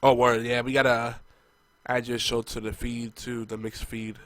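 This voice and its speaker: A man's voice: medium pitch, little pitch movement, normal speed, a bit bright, dry recording. A man hosting a casual gaming podcast, rambling and joking loosely while audibly congested. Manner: rambling, jokey, loose delivery. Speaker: podcast host. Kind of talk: casual chat. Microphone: monitored podcast mic.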